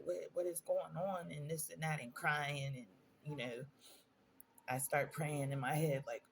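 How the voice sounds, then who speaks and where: A woman's voice: sits low, slight background noise. A woman vlogger telling personal stories in a casual storytime monologue, earnest and emphatic, repeating phrases for stress.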